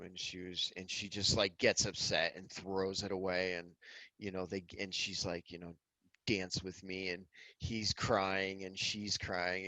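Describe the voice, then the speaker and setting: Low-voiced man analyzing a film. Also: a bit bright, dry recording, low-quality recording. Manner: earnest, repeats words as he gathers thoughts. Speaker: podcast co-host. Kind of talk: casual film discussion.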